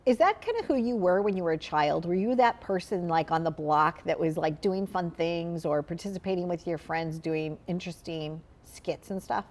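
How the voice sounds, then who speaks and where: A woman's voice: lowish voice, moderate pace, few pauses, darkish tone. A woman from Saint Louis hosting a talk show, asking rambling, chatty questions full of "like" in a casual interview. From Midwest US, Saint Louis.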